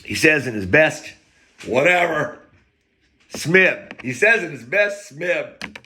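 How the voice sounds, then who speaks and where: A man's voice: a little high, sing-song, slow, pushed and bright. A man casually telling an anecdote, rambling with wry, self-aware digressions. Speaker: storyteller. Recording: echoey room.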